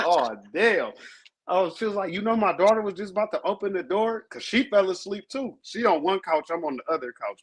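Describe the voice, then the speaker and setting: A man co-hosting a podcast, telling profane, animated stories and acting out what people said. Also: a little high, slightly rough. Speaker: podcast co-host. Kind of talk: casual chat, storytelling.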